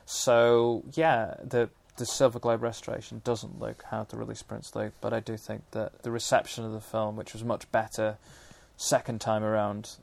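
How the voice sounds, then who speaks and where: A man speaking as a film historian in a conversational discussion, measured and detailed, with frequent restarts. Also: fairly low pitch, monotone, gravelly, darkish tone, no room sound.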